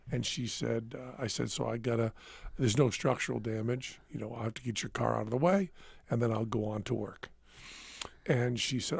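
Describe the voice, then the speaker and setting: A man's voice: medium pitch, steady tone, moderate pace, vocal fry, slightly rough, no room sound. A man hosting a podcast, telling a rambling, self-mocking story in casual chat and laughing at himself. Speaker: podcast host. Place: studio.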